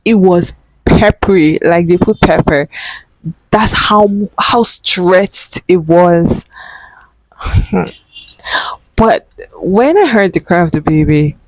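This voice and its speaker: A woman's voice: on the low side, slow, long pauses, no echo, low-quality recording. A young woman vlogger telling a personal story in an emotional, earnest way, with many fillers.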